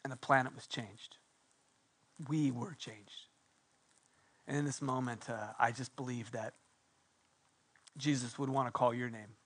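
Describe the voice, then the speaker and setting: A middle-aged male pastor preaching a passionate sermon, swinging between loud emphatic declarations and hushed, intimate passages. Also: medium pitch, fairly even intonation, a little slow, pauses often.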